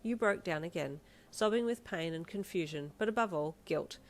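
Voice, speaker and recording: Female narrator, slightly low voice, reading second-person fanfic with feeling. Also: moderate pace, a little hiss or hum.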